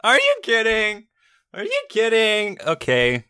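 A man's voice: sits high, huge pitch swings, measured pace, sharp tone, clear, resonant tone, no echo, studio quality. A man co-hosting a podcast, chatting casually through an improv game and laughing often. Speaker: podcast co-host.

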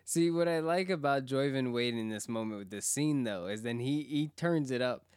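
A young man talks through a show recap in an easy, rambling way, full of fillers and bursts of enthusiasm. His voice is smooth and resonant. The sound is close and dry, with no room around it. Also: medium pitch, moderate pace, darkish tone, dry recording. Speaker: podcast co-host. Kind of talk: casual TV recap chat.

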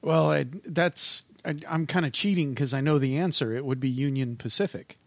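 A man's voice: on the high side, moderate pace, vocal fry, no echo. A man co-hosting a podcast, giving short, hesitant answers with restarts. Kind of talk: casual podcast replies.

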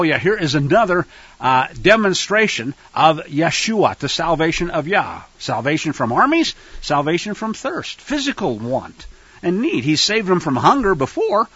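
A man teaching scripture to a fellowship, animated and acting out quoted lines. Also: sits high, husky, no room sound, highs cut off.

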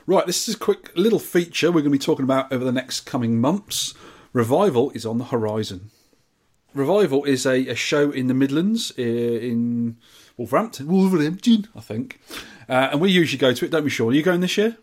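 A man's voice: medium pitch, animated, fast. A man co-hosting a casual podcast, chatting in a rambling, jokey way and reading out event news. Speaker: podcast co-host.

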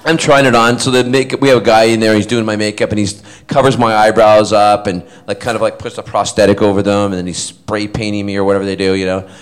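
Animated middle-aged man telling stories. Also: on the low side, quick pace, few pauses, clear, resonant tone. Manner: animated storyteller who acts out quotes. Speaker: convention panel guest. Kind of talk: casual anecdote telling on stage.

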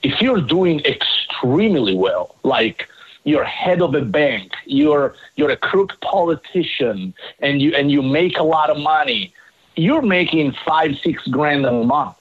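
A man in his thirties recounts his story as an interview guest, animated and quick to curse, tripping over restarts. His voice sits a touch high and husky. The sound is slightly dull and muffled. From Italy. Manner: animated, swearing, frequent restarts.

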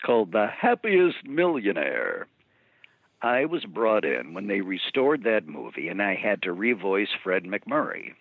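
Animated man on a phone line. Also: fairly low pitch, no room sound. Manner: animated, chatty storyteller. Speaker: voice actor guest. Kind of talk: phone interview storytelling. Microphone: telephone. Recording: dry tinny phone line.

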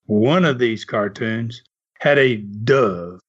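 Slow and slightly rough, a mid-range male voice carries a Southern drawl as an older ex-wrestler spins casual stories. He chuckles often and fills gaps with "uh." Sound quality is dull and lo-fi.

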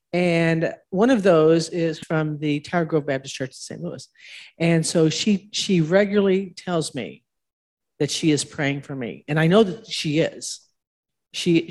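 A talkative woman with a somewhat low voice speaks on a panel as a senior home staff member. She tells stories with energy and keeps talking. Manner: talkative, animated storyteller. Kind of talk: panel interview.

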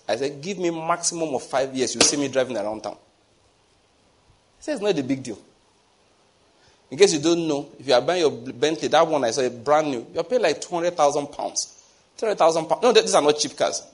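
A man preaching a sermon, telling personal stories and repeating phrases for emphasis. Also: a little high. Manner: storytelling, repeats phrases for emphasis, asks listeners rhetorical questions.

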